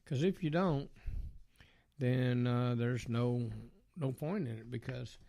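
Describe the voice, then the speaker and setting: Gravelly, mellow man rambling casually. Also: mid-range voice, slow pace, dry recording, clean studio sound. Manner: rambling and folksy, with many fillers. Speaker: podcast host. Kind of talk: casual monologue.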